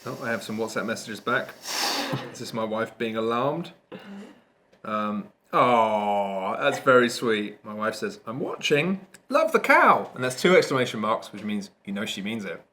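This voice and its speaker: A man's voice: lowish voice, normal speed, a bit bright. A man in casual, jokey chat while playing a board game, with sing-song asides.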